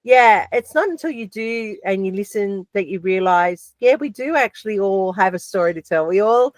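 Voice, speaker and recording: An Australian woman chatting on a podcast, full of fillers and little asides. Her voice sits at an ordinary middle pitch. The sound is dry and close, with no room echo. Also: moderate pace. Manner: chatty, animated storyteller with many fillers. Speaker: podcast guest. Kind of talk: casual chat.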